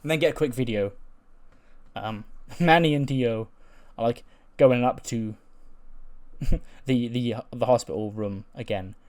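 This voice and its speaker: A man's voice: mid-range voice, a little slow, darkish tone. A man casually retelling a wrestling game storyline, chuckling and rambling as he goes. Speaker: let's play narrator.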